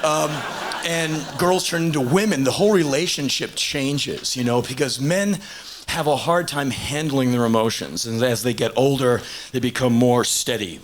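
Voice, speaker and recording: A man's voice: mid-range voice, moderate pace. A man in his thirties doing a blunt, punchy stand-up monologue on stage, swinging into acted voices, on a hissy live tape. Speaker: stand-up performer. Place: stage in a large venue.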